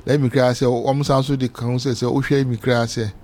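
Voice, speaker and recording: A man hosting a relaxed sports talk radio show, often answering with short backchannel replies. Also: mid-range voice, quick pace. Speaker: radio host.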